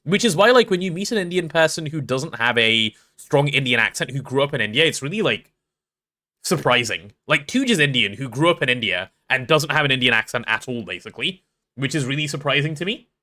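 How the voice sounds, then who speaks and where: A young English man casually chatting on a gameplay livestream, reading chat aloud and joking, quick to apologize. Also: mid-range voice, lively intonation, bright, forceful tone. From England.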